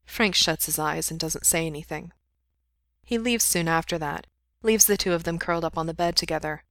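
A woman reads a fan-written story aloud at an even, unhurried pace. Her voice sits on the low side and the sound is close and dry, with no room around it. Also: no room sound. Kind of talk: reading fan fiction aloud.

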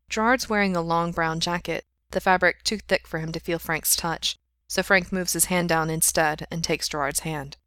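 A woman reads a fan-written story aloud at an even, unhurried pace. Her voice sits on the low side and the sound is close and dry, with no room around it. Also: no echo. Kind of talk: reading fan fiction aloud.

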